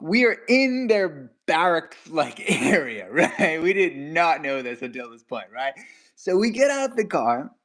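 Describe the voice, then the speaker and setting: Animated young man telling a story. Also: unhurried. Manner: acts out quotes with sudden pitch jumps. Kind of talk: storytelling in casual chat.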